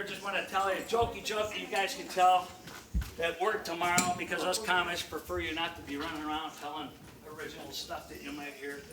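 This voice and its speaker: High-voiced man in his seventies on a club stage. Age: 70s. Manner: plays the scolding straight man, then folksy storytelling. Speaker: ventriloquist comedian. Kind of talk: stand-up comedy act. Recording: echoey club, far from the mic, audience noise. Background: audience noise.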